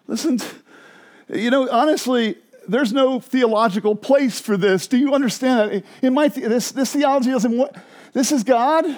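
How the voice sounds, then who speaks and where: High-voiced man preaching with dramatic swings. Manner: passionate, dramatic swings from hushed to loud; frequent laughs and restarts. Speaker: pastor. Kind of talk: sermon.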